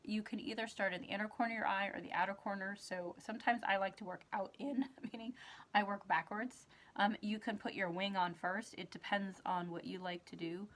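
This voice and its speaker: A woman's voice: mid-range voice, steady tone, a little fast, a bit bright. A woman hosting a makeup tutorial, talking casually through each step as she works, with her eyes watering. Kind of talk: casual how-to demonstration.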